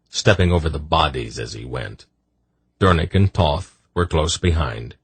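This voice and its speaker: A man narrating a fantasy audiobook, an expressive storyteller who voices every character. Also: very deep voice, measured pace, breathy edge, no echo.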